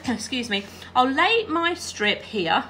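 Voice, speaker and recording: High, bright-toned woman for a chatty sewing tutorial, working at her machine and asking the viewer to follow along. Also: sing-song, takes it slowly, slight background noise. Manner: chatty, checks in with "all right?". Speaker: quilting teacher. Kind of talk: hands-on craft tutorial.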